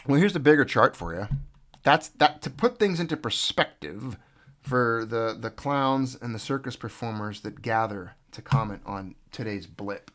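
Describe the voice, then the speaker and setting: A man hosts a loose, off-the-cuff livestream and rambles from one thought to the next. He sounds sarcastic and brushes off other people's worries with mock disbelief. His voice sits at an ordinary middle pitch. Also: lively intonation, normal speed, fairly bright tone. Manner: sarcastic, rambling, mocking panic. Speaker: livestream host. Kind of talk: casual livestream commentary.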